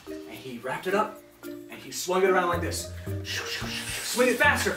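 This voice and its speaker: A woman telling a Bible story to preschoolers, animated and coaxing the children to act it out with her. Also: fairly low pitch. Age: adult. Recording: echoey hall, distant mic, loud music.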